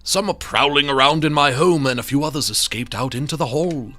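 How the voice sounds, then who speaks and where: A man's voice: fairly high pitch, lively intonation, moderate pace, fairly bright tone. A man voicing an anxious, paranoid male painter in a video game, talking in a jittery, pleading way. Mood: frantic.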